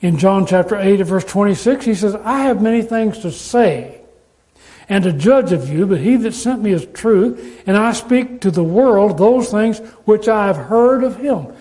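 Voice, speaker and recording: A man's voice: high voice, animated, normal speed, dark tone, low-quality recording. A man preaching a sermon, earnest and emphatic, repeating key points to drive them home.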